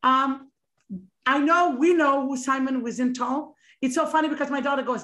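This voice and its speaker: Emotional high-voiced woman host, echoey room. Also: moderate pace, fairly bright tone. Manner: emotional, rambling with many restarts. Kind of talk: interview chat.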